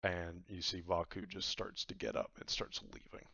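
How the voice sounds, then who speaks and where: A very low, gravelly man narrating a tabletop game as game master. He rambles and fills his speech with uhs and likes. The recording is dry and dull, like a lo-fi mic. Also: level tone, normal speed, pushed and bright, no echo. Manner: rambling, filler-heavy narration.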